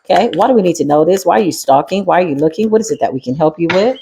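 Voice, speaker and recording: A woman's voice: lowish voice, expressive, very fast, creaky, background noise. A woman doing a spiritual tarot reading in a sassy, streetwise style, talking straight to the viewer and to the spirit. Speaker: tarot reader.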